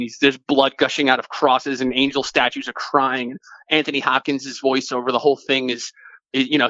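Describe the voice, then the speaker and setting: A man's voice: mid-range voice, fairly bright tone, no room sound. A man who is a podcast guest, talking over the phone in a rambling way, filled with "like" and "you know.". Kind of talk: casual phone conversation. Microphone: phone call. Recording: muffled phone line.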